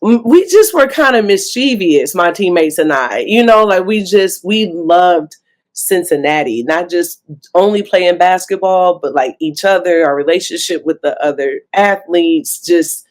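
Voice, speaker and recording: A woman's voice: lowish voice, lively intonation, a little slow. A woman in her forties, a basketball coach, giving earnest, reflective interview answers with easy laughs.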